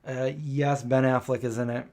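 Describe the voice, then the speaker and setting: Streamer host, male, mid-range pitch: casual, rambling, hesitant live-chat delivery. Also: flat delivery, normal speed, a little mellow. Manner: chatty, rambling, lots of um and self-correction.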